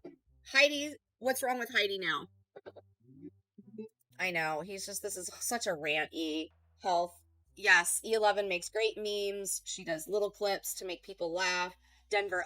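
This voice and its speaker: A woman's voice: medium pitch, expressive, a little slow, sharp tone, no room sound, poor audio. A woman hosting a heated reaction stream, talking back in a combative, sarcastic and profane way.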